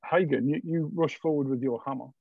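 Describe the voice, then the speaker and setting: Gravelly husky game master, lo-fi. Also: male voice, medium pitch, no echo. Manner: halting, filler-heavy descriptive narration. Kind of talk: narrating a tabletop game. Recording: dull lo-fi dry sound.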